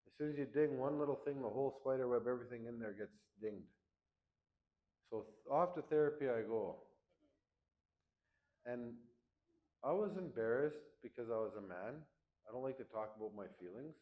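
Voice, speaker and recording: A man's voice: medium pitch, moderate pace, long pauses, phone-quality sound. A middle-aged man from Canada, plain-spoken and candid, telling a personal story to an audience. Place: event hall.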